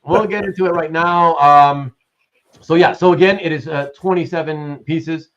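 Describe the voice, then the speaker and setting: On a casual livestream, a male host with a fairly high, slightly bright voice keeps a steady tone and moderate pace. He chats away, laughing often and reading viewers' messages aloud, though the stream audio is muffled and lo-fi.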